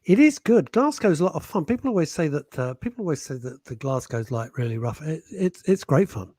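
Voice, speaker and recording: A man's voice: fairly high pitch, big pitch swings, fairly quick, darkish tone, dry recording. A man co-hosting a radio show, casually bantering and reading out listener messages with playful teasing and mock outrage.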